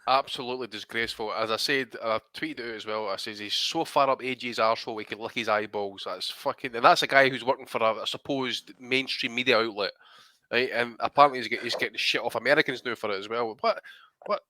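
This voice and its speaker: Brief: male podcast host, bright, clipped voice, dry close sound, rants hard and swears a lot. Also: mid-range voice, quick pace, dry recording. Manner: profane, ranting, blunt. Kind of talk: casual chat.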